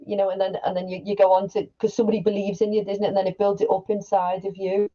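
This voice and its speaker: A woman's voice: mid-range voice, little pitch movement, fast, mellow. A woman hosting an interview, making encouraging comments and ending her points with tag questions. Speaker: podcast host. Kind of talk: interview chat. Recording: muffled lo-fi sound.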